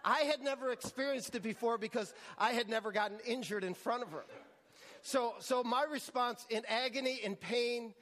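A man's voice: very high voice, moderate pace, fairly bright tone, long reverb tail. A man preaching a sermon as pastor, telling a story with frequent restarts and repeated words.

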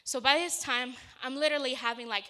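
A woman preaching a sermon with a bright, forceful voice pitched a bit high. She talks in an earnest, conversational way and leads from a personal story into scripture. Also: brisk.

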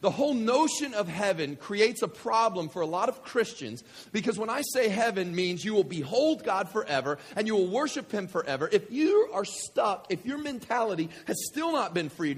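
A man from West Kentucky preaching a sermon, joking with the congregation and swinging from quiet scripture reading to loud excitement. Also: high voice, breathy edge. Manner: animated, jokey, swings between quiet reading and loud enthusiasm. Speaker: pastor.

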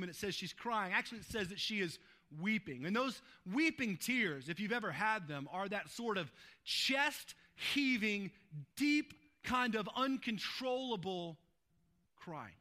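A man's voice: sits high, lively intonation, measured pace, pushed and bright. A man pastor preaching a sermon, retelling a scripture passage in a conversational way and often adding "right?" to check in with listeners.

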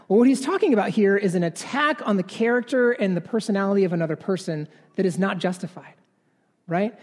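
A man's voice: sits high, a little mellow, husky. Man in his 30s, sermon, casual tone, tag questions, long hall reverb. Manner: conversational, keeps adding "right?". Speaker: pastor.

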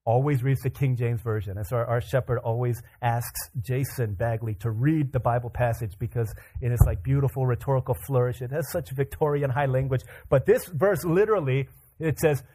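A man preaching a sermon, animated, acting out the voices in the scripture with casual asides. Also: medium pitch, a little fast.

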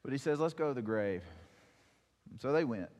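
A man preaches to his congregation, telling the story in a casual, animated way and slipping into voices for the people in it. His voice sits at a middling pitch. The sound rings with the long reverb of a big hall. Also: fairly quick, lo-fi sound. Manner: storytelling, animated retelling with acted quotes. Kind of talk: sermon.

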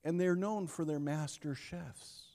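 A man delivers a sermon in a slow, measured way, leaning on dramatic pauses. His slightly high voice swings between loud emphasis and hushed moments. The sound carries the long reverb of a large hall. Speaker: pastor.

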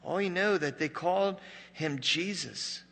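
A man preaching a sermon as pastor, a joking, conversational storyteller who drops to a hush for dramatic moments. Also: high-pitched, unhurried, gravelly, long reverb tail.

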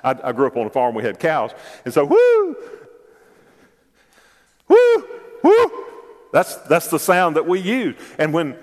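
A man's voice: on the high side, animated, a little fast, hardly any pauses. A man preaching a sermon as a pastor in a church, emphatic and repeating his words as he addresses the congregation directly. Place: church sanctuary. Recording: long reverb of a large church.

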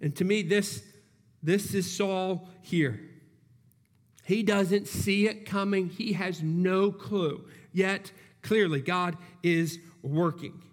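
High-voiced pastor preaching in a reverberant hall. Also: male voice, takes it slowly. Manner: earnest, reasoning aloud with frequent restarts. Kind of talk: sermon.

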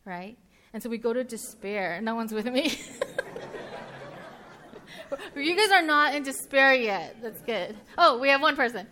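A woman's voice: on the high side, expressive, pushed and bright, slight background noise. Chatty woman giving a casual sermon. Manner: chatty, with filler words and quick restarts; laughs easily and banters with the audience. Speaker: preacher.

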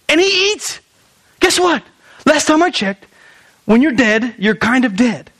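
A young man preaching a sermon as pastor, animated, asking rhetorical questions and acting out quoted lines. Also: very high-pitched, normal speed.

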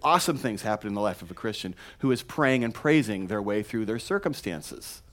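A man preaching a sermon to his congregation, talking casually with rhetorical questions and many restarts, now and then jumping up in pitch and volume. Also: lively intonation, brisk, a bit bright. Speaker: pastor.

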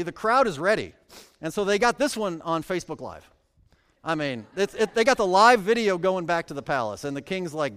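A man's voice: high-pitched, fairly bright tone, in a large hall. A man preaching a sermon, reading scripture aloud and then explaining it with joking asides. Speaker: pastor.

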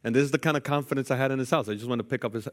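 A man with a mid-range voice preaches a sermon in a church sanctuary, talking very fast. He tells a personal story and tosses lively, playful jokes to the congregation along the way.

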